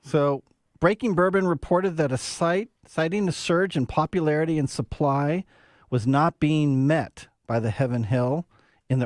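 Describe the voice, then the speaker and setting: A man's voice: medium pitch, a little mellow, no echo, studio quality. A man co-hosting a radio show, telling a playful story and reading a whiskey segment. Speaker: whiskey review co-host. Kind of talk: casual radio banter with read-out segment.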